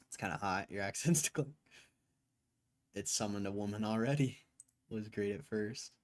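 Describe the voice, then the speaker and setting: A man's voice: fairly low pitch, moderate pace. Laid-back man hosting a livestream. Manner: laid-back, chuckling, loose slang. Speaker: livestream host. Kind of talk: casual livestream chat.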